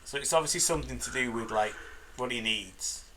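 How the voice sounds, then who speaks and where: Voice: medium pitch, a little fast, bright, forceful tone, poor audio. A podcast co-host with a northern English accent, giving wry, casual watch-along commentary and laughing often. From northern England. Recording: background noise.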